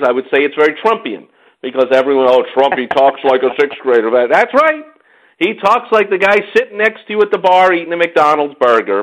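Pria bercerita santai dengan ekspresif. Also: male voice, on the high side, highs cut off. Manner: animated storytelling, mimics others in quotes. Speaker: podcast host. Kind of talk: casual chat.

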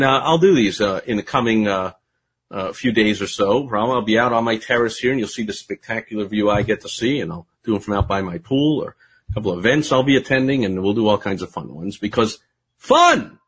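A man ranting in a casual live video outdoors by a pool, animated, swinging between loud outbursts and quiet asides. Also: on the low side, a little fast, breathy edge. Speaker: livestream host.

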